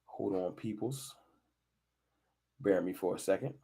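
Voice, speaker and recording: A man hosting a casual fan live stream, talking football and arguing with chat viewers in an animated, combative way. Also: deep voice, a little slow, vocal fry, breathy edge. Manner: animated, argumentative, addresses chat viewers directly.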